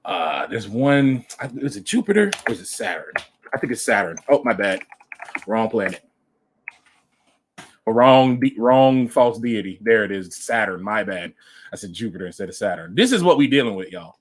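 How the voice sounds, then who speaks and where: A man's voice: on the low side, expressive, normal speed, a little hiss or hum. A man hosting a casual commentary show, speaking emphatically and repeating phrases for effect. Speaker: podcast host.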